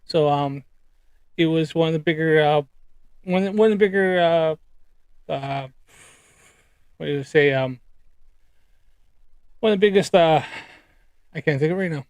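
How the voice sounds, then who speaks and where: A man's voice: on the high side, unhurried, pauses often, clean tone, dry recording. Rambling man, dry close sound. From United Kingdom. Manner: rambling, many ums and uhs. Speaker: streamer reacting to clips. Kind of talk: casual live-stream chat.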